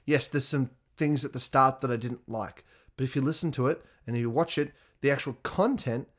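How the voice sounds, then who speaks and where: Animated young man podcasting. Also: medium pitch, normal speed. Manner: animated, swears freely, frequent asides to listeners. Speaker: podcast host. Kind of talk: casual solo podcast talk.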